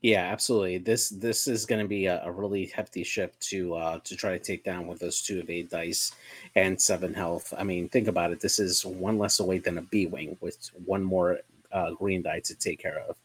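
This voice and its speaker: A man co-hosting a casual gaming chat, agreeable and quick to chime in. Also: low voice, fairly even intonation, slightly rough, no echo.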